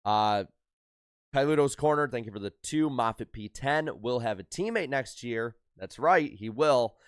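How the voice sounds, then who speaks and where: A man of middle pitch recapping a race in a relaxed, chatty way, his voice a little worn and scattered with "uh"s. The sound is smooth and resonant, recorded close and dry with no room around it. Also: dry recording. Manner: rapid rundown of results with filler "uh"s. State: slightly worn voice after a concert. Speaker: racing podcast host.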